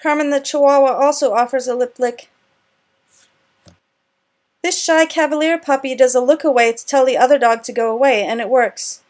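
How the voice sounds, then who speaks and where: A woman's voice: high voice, steady tone, normal speed, darkish tone. A woman dog trainer doing plain explanatory voice-over narration for a lesson.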